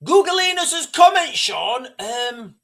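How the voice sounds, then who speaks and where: High-voiced man ranting on a livestream. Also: big pitch swings, slow pace, creaky, a bit bright. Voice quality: rambling, repeats himself, thinks aloud. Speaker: livestream host. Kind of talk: live news commentary.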